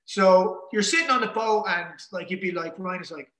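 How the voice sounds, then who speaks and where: A man casually telling a story in an animated way, acting out the things people said. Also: high-pitched, moderate pace. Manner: animated, acts out quoted dialogue. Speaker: guest telling an ocean rowing story. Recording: roomy echo.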